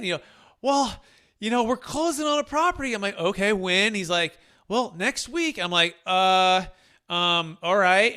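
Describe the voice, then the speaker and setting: A male host in a casual business chat, telling a story with energy and acting out what people said. His voice is bright and smooth, pitched a touch high. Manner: animated storyteller, acts out quotes.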